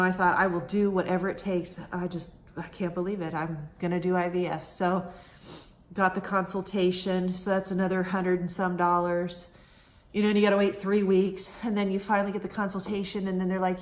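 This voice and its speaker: A woman in her thirties candidly telling a personal story, with many "you know" fillers. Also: medium pitch. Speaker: vlogger sharing a personal story.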